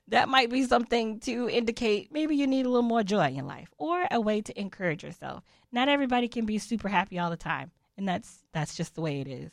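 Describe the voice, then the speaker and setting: Gravelly, chatty woman host. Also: medium pitch, animated, brisk, no echo, studio quality. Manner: chatty, upbeat, playful asides and mock voices. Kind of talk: casual encouraging devotional talk.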